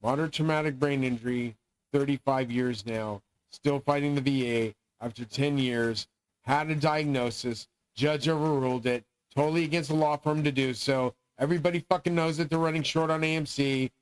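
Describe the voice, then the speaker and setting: A man's voice: medium pitch, fairly even intonation, moderate pace, smooth, low-quality recording. A middle-aged man delivering a rambling, profane, grandiose monologue as host of his own channel.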